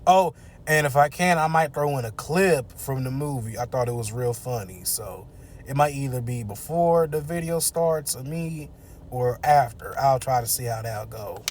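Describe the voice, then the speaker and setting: A man's voice: mid-range voice, lively intonation, moderate pace, darkish tone, a little hiss or hum. A man casually recapping a movie from his car, laid-back and slangy with frequent chuckles.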